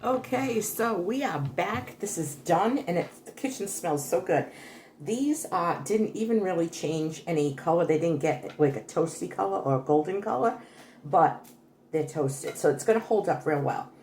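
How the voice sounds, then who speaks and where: A woman's voice: lowish voice, lively intonation, normal speed, a little mellow, reverberant, slight background noise. Older woman chatting through a cooking demo. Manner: chatty, homey, self-correcting. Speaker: cooking vlogger. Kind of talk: casual cooking demonstration. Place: home kitchen.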